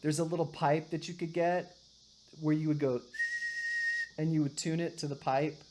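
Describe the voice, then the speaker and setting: A woman's voice: sits low, fairly even intonation, normal speed, background noise. A woman teaching a one-on-one guitar and singing lesson, patiently explaining and often checking in with "right?". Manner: patient, explains with many "right?" checks, sings short demonstrations.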